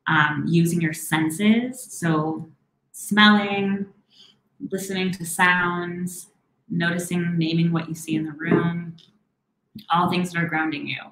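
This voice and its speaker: A young woman therapist answers live questions in a casual, quick way, often pausing on "um" and restarting her sentences. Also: lowish voice, steady tone. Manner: quick, warm-toned advice with many "um"s and restarts. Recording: echoey room.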